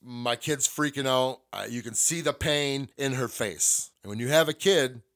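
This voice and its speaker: A middle-aged man hosts his own podcast alone, speaking bluntly and candidly about his week. He swears freely as he talks. His voice sits at an ordinary middle pitch. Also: moderate pace, a bit bright. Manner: profane, blunt, candid storytelling. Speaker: podcast host. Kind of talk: solo podcast monologue.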